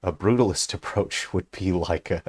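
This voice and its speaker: Game dev guy breaking down a game's art as he plays, very deep voice, lots of uhs and ums. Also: normal speed, husky. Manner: analytical, thinks aloud with fillers. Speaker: game developer. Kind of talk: gameplay commentary.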